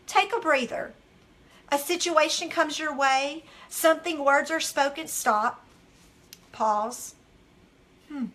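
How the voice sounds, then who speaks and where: A middle-aged woman giving a devotional teaching talk, telling candid stories with animated delivery and acting out what people said. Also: high voice, takes it slowly, pauses often. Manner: animated, candid storytelling that acts out its own quotes. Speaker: devotional author and speaker.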